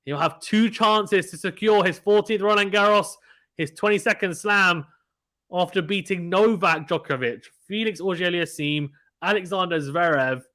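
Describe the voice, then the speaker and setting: A young British man giving casual live play-by-play of a tennis match, chatty and quick to laugh, reading viewer comments aloud. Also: high voice, bright, forceful tone.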